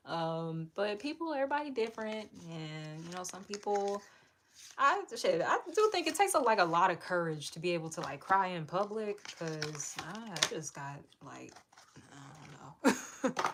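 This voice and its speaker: A woman's voice: lowish voice, expressive, normal speed, a bit bright. Candid, chatty woman tarot reader, swearing freely. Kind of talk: casual livestream tarot reading. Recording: audible background noise.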